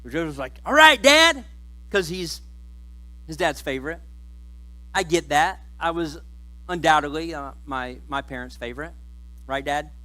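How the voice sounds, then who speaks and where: A man's voice: fairly high pitch, steady tone, moderate pace, long pauses, a bit bright, rough recording. A man preaching a sermon in church, telling the story in a casual, joking way. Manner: conversational and joking. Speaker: pastor.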